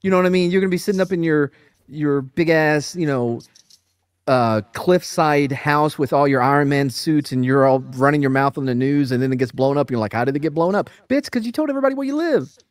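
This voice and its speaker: A man's voice: on the high side, expressive, brisk, clear, resonant tone, dry recording. A man co-hosting a podcast, chatting casually with joking, profane asides. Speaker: podcast co-host. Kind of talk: casual comedic chat.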